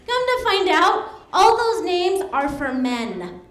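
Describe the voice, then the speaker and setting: A woman's voice: very high-pitched, big pitch swings, slow, a bit bright, a little hiss or hum. A woman in her thirties performing a stand-up comedy set, bubbly and laughing at her own jokes as she acts out voices. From United States. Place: comedy club stage. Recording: echoey club room.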